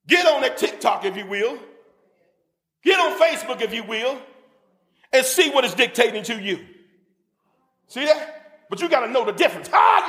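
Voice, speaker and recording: A man preaching a sermon to a congregation, fervent, breaking into shouts and calling for amens. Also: very high-pitched. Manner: fervent, with shouted bursts and call-and-response to the congregation. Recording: long reverb of a church hall.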